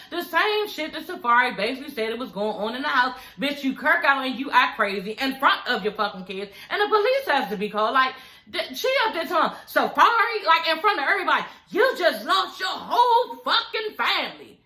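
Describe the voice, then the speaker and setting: A high-voiced woman recaps a reality show for her viewers, gossipy and animated, swearing freely and addressing them as y'all. The audio is poor, with an echoey room.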